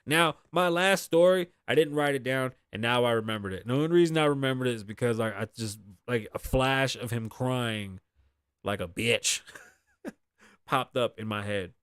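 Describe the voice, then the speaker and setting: A man's voice: mid-range voice, normal speed, fairly bright tone, clean tone, no echo, clean studio sound. A man from Boston hosting a casual solo commentary show, reading news aloud and riffing on it bluntly with lots of profanity. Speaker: show host.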